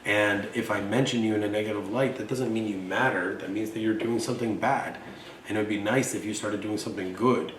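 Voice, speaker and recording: A man's voice: lowish voice, steady tone, brisk, roomy sound, far from the mic, a little hiss or hum, poor audio. A man in his forties, from Russia, hosting a show and talking in a blunt, boastful, profane way. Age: 40s. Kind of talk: casual monologue and storytelling.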